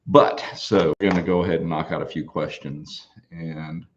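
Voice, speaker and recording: Male host, very low voice, easygoing live Q&A chat, muffled lo-fi sound. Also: normal speed, slight background noise. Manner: relaxed, folksy, lots of fillers and restarts. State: out of breath. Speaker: parts company host answering viewer questions. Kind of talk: casual live Q&A. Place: small studio.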